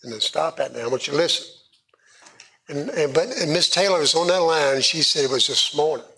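A man giving a sermon testimony, halting and often repeating himself. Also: a little high, animated, gravelly, bright, forceful tone, slightly rough. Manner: halting, repeats words and restarts. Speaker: preacher.

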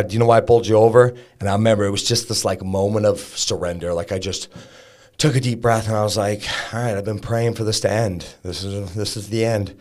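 A man's voice: fairly low pitch, darkish tone. A man telling a raw personal story as a podcast guest, frank and casual, swearing and peppering his talk with fillers. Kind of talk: candid personal storytelling in an interview.

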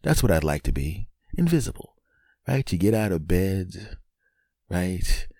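A man hosting a podcast, delivering a comedic monologue and acting out scenes, jumping between loud outbursts and hushed whispers. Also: sits low, sing-song, unhurried, no echo, clean studio sound. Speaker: podcast host.

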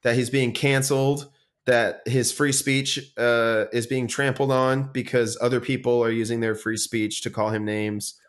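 A man co-hosting a casual podcast chat, swearing freely, ranting and mocking people in quick impressions. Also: mid-range voice, flat delivery. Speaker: podcast co-host.

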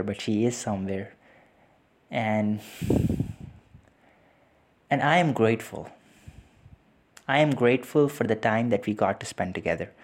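A young man hosting a podcast, recounting a painful loss in a halting way, with repeated words and sighs, close to tears. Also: on the low side, darkish tone. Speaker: podcast host. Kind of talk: personal reflective storytelling.

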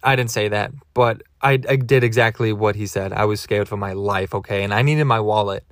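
A man's voice: lowish voice, a little fast, no echo, clean studio sound. A man hosting a podcast, telling a comic story in a rambling, digressive, self-mocking way. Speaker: podcast host. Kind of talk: comedic storytelling monologue.

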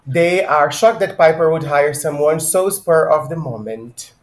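A man's voice: on the high side, measured pace. Chatty man in an echoey room. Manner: laughs easily, chatty with filler ums. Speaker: podcast co-host. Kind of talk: casual book discussion. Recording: roomy echo.

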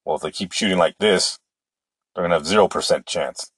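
Male sports podcast host, deep voice, opinionated rambler, dry close-mic sound. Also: brisk, a bit bright, breathy edge, no room sound. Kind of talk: casual solo sports talk.

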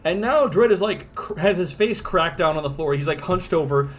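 A man's voice: fairly high pitch, lively intonation, normal speed, faint music behind. A man co-hosting a casual comic-book podcast, describing panels in a rambling, filler-heavy way. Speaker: podcast co-host. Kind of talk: casual comic-book read-along chat.

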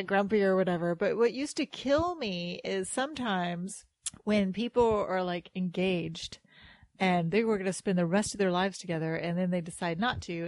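A woman's voice: mid-range voice, no room sound. A woman hosting a casual movie podcast, chatty and laughing often as she recaps scenes. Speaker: podcast host.

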